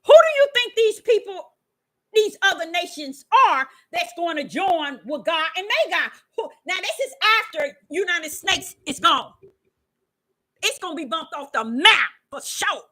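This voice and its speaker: A woman preaching in a fervent, rambling monologue that swings from hushed asides to shouting, with stammered restarts. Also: very high voice, expressive, a little slow. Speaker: self-styled prophetess.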